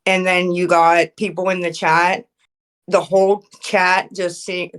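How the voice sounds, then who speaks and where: A woman hosts a voice call and answers questions in a lowish voice. She rambles and hesitates, leaning on fillers as she explains herself. She sounds measured rather than heated. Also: flat delivery, a bit bright. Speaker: host of the voice chat. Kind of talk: group voice call. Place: online voice call.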